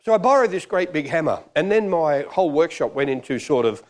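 Animated preacher man. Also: a little high, a little fast. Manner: animated, acts out quoted voices. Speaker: pastor. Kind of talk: sermon with storytelling.

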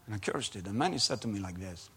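A man preaching a sermon and telling a testimony, in non-native English phrasing, moving between quiet storytelling and loud emphatic preaching. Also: lowish voice, expressive, fast talker.

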